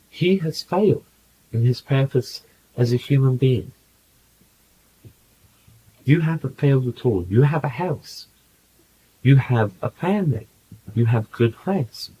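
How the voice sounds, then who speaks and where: A man in a channeling session, speaking in a calm, patient, coaching way and telling anecdotes to a small group. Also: mid-range voice, slightly rough, low-quality recording. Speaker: channeler giving spiritual counsel. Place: small room with a group present.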